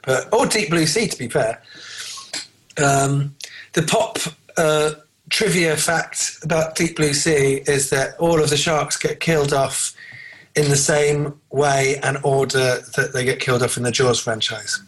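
Male podcast co-host, slightly higher pitch, chatty and trivia-heavy, lots of ums. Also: measured pace, fairly bright tone, poor audio. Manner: rambling, trivia-heavy, many fillers and restarts. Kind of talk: casual film chat.

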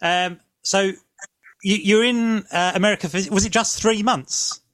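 A woman's voice: mid-range voice, steady tone, a little slow. A woman co-hosting an interview, asking curious, loosely phrased questions. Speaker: podcast co-host. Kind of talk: interview chat.

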